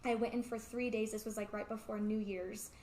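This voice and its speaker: A woman's voice: mid-range voice, level tone, fairly quick, a little mellow, a little hiss or hum. A young woman in her twenties, an interview guest, telling a personal story in a chatty way full of "like". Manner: chatty, peppered with "like", acts out quoted remarks. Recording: echoey room with faint ambience.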